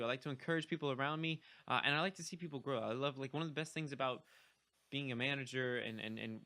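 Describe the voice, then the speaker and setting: Bright-voiced rambling young man. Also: a little high. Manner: rambling, lots of "like" and "um", upbeat. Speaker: vlogger. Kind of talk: casual talking-head vlog.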